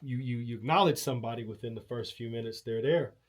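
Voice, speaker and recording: Medium-pitched and quick, a male show host tells a rambling, casual story full of fillers, restarts and offhand swearing.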